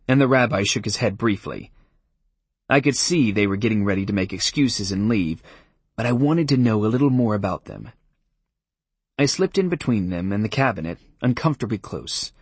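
A man's voice: on the low side, breathy edge, no room sound. A man narrating a first-person audiobook in a dry, wry tone.

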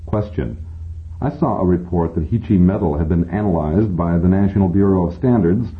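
Casting: a male audiobook narrator, very deep and wry, with tinny phone-like sound. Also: normal speed. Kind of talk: first-person audiobook narration.

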